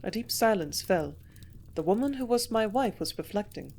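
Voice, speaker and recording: A woman narrating a novel in steady, even storytelling. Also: mid-range voice, moderate pace, gravelly. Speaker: audiobook narrator. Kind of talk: scripted narration.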